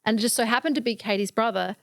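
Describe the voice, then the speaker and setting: A woman with a fairly high voice speaks as a founder guest on a podcast, blunt and to the point. The recording is dry and close. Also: creaky, dry recording. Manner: blunt, direct, brisk. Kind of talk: casual podcast chat.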